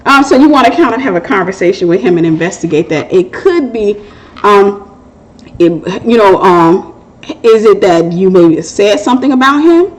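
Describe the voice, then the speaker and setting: A woman's voice: medium pitch, animated, moderate pace, low-quality recording. A middle-aged woman hosting a Christian relationship Q&A, giving casual testimony and advice in a candid, joking way and laughing at herself.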